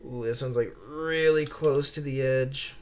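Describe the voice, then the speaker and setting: With a mid-range, steady voice that's a little slow, a man chats on a casual live stream as he builds a Lego set, reading viewer comments aloud. A little hiss or hum sits in the audio.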